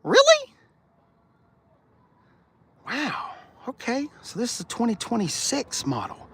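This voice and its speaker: A man's voice: very high voice, huge pitch swings, slow pace, a bit bright, slight background noise. A man hosting a casual live car walkaround on a sunny outdoor dealership lot, rowdy and joking, swearing freely.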